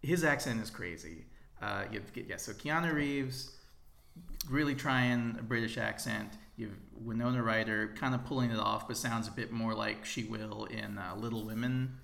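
Man, gravelly voice, wry podcast chat, measured delivery. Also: on the low side, fairly bright tone. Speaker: podcast co-host. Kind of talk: casual film discussion.

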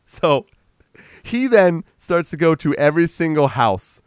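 A man casually recapping a movie in conversation, jumping into loud animated impressions of the characters and swearing freely. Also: a little high, measured pace, clean tone, dry recording, studio quality. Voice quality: animated retelling, acts out characters in a raised voice, swears. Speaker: podcast co-host.

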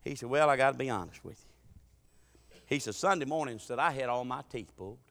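Folksy preacher in an echoing church. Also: male voice, mid-range voice, brisk. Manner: folksy, dialect-heavy, swings from loud preaching to quiet asides. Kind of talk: sermon with humorous storytelling. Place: church sanctuary. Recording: reverberant church sanctuary.

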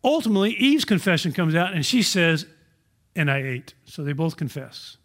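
A man delivers a sermon with a fairly high-pitched voice. He preaches earnestly and keeps asking the congregation rhetorical questions. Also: sing-song, fairly quick, a bit bright. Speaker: pastor.

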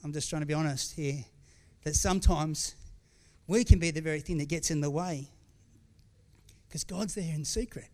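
High-voiced, candid pastor. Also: male voice, moderate pace, a little mellow. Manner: candid, conversational, with frequent restarts and asides. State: tearful at times. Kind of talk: sermon.

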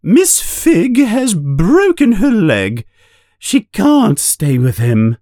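A man's voice: high voice, huge pitch swings, extremely slow, dark tone, no room sound, voice pushed up, exaggerated voice. A strict, cold aunt snaps short orders in a raised, pinched voice, as a man reads her part. The words come out clipped and impatient, close and dry. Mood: curt.

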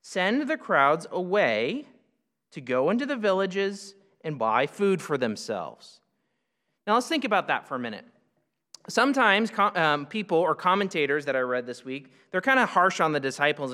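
A man's voice: high voice, big pitch swings, moderate pace, sharp tone, in a large hall. A man preaching a verse-by-verse sermon in a conversational way, asking rhetorical questions and then answering them. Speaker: pastor. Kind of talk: expository sermon.

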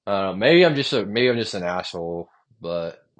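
With a low-pitched, expressive voice moving a little fast, a young podcast host vents alone about his jobs. His stream-of-consciousness monologue is rambling, profane, and full of frustration.

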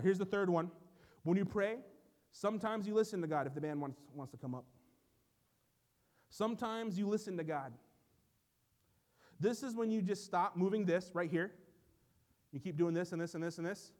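A man preaching as a pastor, swinging between soft low asides and loud emphatic lines, in a church. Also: animated, moderate pace, long pauses. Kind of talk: sermon. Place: church sanctuary.

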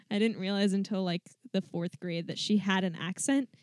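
A woman's voice: mid-range voice, steady tone, no echo, studio quality. A woman co-hosting a casual book podcast who laughs easily, agrees often and reads passages aloud. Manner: quick to laugh, lots of agreeing backchannel. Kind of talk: casual book discussion with read-aloud quotes.

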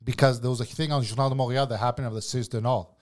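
Dude w a ranting about his job, swears a lot, says bro every line, normal pitched voice. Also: fairly even intonation, very fast. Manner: blunt, profane ranting, says "bro" constantly. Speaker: podcast guest, kitchen cook. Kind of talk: casual storytelling chat.

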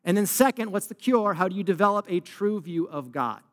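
A man preaching a sermon in a lively, conversational way, asking his listeners questions as he goes. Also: high-pitched, fairly quick, in a large hall. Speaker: pastor.

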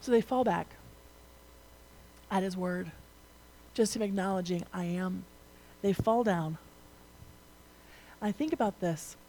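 A woman's voice: on the low side, slow pace, long pauses, dark tone, a little hiss or hum, low-quality recording. A young woman preaching a sermon in a conversational way, using lots of casual fillers and turning emphatic at key points. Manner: conversational, rising to emphatic, frequent "like" and "right?".

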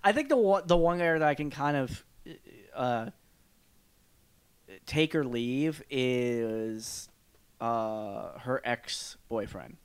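A man with a smooth, clear voice chats casually as a podcast co-host. He rambles, circles back and corrects himself with plenty of fillers. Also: medium pitch, animated, a little slow. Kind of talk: casual chat.

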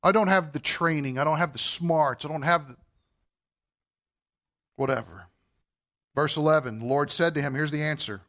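A man's voice: fairly high pitch, normal speed, long pauses, a bit bright. A man preaching a sermon as pastor, emphatic and full of rhetorical questions.

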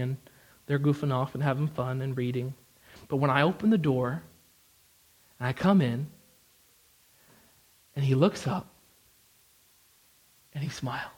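A young American man delivers a sermon with animated emphasis, tossing in casual asides and repeating phrases. His voice sits a little high.

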